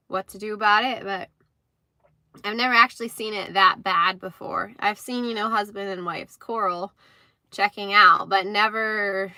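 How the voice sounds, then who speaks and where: A young woman telling stories in a casual, animated livestream chat, acting out the people she quotes. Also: medium pitch, no echo, clean studio sound. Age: young adult. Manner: chatty, animated retelling with acted-out quotes. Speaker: livestream host.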